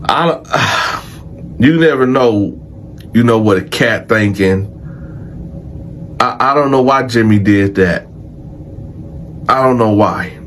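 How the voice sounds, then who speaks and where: Dude telling a storytime, animated, cusses a lot, faint hiss behind. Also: male voice, on the low side, takes it slowly, long pauses. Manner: animated, profane, acts out other voices. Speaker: storyteller, show host. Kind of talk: casual storytime.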